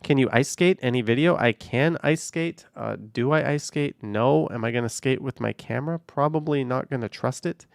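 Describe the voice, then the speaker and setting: A man's voice: medium pitch, normal speed, gravelly, hardly any pauses, dry recording, clean studio sound. A young man hosting a casual live stream from his car, reading viewer messages, thanking supporters and answering questions in an easygoing way. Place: car, driving around the city.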